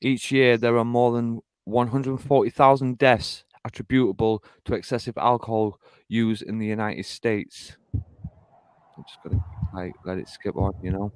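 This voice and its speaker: A man's voice: mid-range voice, little pitch movement, moderate pace, few pauses, smooth, dry recording. A man hosting a music review show, chatting casually in an easygoing way and reading out a notice.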